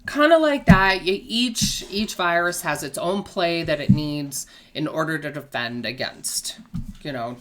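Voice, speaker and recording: A woman's voice: deep voice, lively intonation, measured pace, a little hiss or hum. A woman teaching a casual health lesson. She explains patiently with everyday comparisons and often checks in with "okay?". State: has the hiccups. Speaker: health educator.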